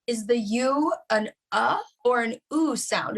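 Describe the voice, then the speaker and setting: Giggly woman guest, fairly high voice. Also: takes it slowly, creaky. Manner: giggly, animated, playful. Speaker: songwriter guest. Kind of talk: casual gossip chat.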